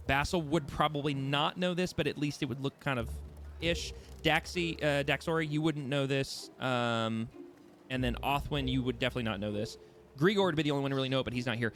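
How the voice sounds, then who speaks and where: A man's voice: mid-range voice, brisk, fairly bright tone, a little hiss or hum. Hesitant man narrating as game master. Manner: hesitant, many ums and restarts, descriptive.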